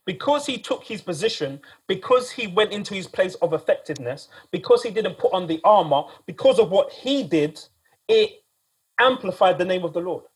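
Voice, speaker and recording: A man's voice: high voice, lively intonation, moderate pace, slightly rough. A man preaching a sermon in a casual, conversational way, often repeating himself and speaking straight to "guys".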